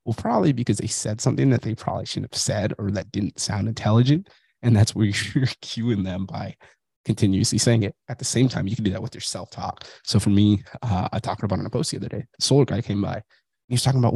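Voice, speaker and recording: A man in his thirties hosts a podcast, delivering a blunt, profane, casual motivational monologue while fighting a migraine, and he sounds self-reflective. His voice is lowish, gravelly, husky and dark, and he talks fairly quickly. There's no echo on the recording.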